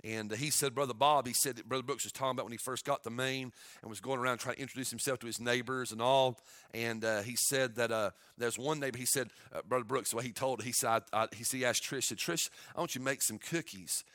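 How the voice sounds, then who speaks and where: A male pastor preaching a sermon, moving between quiet storytelling and loud, shouted exhortation. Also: mid-range voice, steady tone, fast, no echo, clean studio sound.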